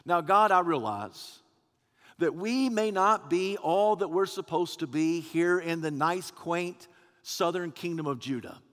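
A man voicing the prophet Habakkuk as an indignant man protesting to God, his voice rising into shouted complaint. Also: on the high side, unhurried, long reverb tail.

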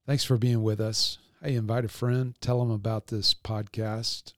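A man hosting a devotional podcast, teaching in a calm, reflective way. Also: on the low side, a little slow, dry recording, studio quality.

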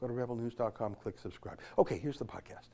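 A man's voice: medium pitch, quick pace. A middle-aged man hosting a political commentary podcast, combative, sarcastic and emphatic. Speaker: host.

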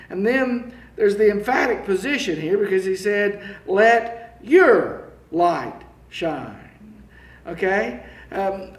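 A man preaching a sermon, slow and halting, often repeating key phrases for emphasis. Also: high voice, a bit bright, echoey room. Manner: slow, halting delivery with frequent fillers and restarts.

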